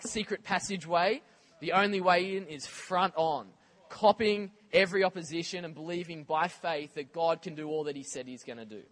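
A man preaching a sermon in a conversational, animated way, with casual asides to the congregation. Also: a little high.

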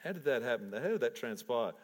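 Laughing pastor in a reverberant church. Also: male voice, medium pitch, big pitch swings, fast talker. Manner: chatty and laughing, then prayerful. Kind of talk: sermon. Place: church auditorium.

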